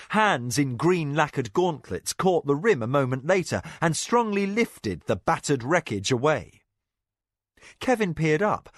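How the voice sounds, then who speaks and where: A male narrator reads a novel aloud, his voice rising and falling in a lively, expressive way. His pitch sits in the middle. The recording is close and dry, with no room echo. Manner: expressive, dramatic reading. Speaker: audiobook narrator. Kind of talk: scripted narration.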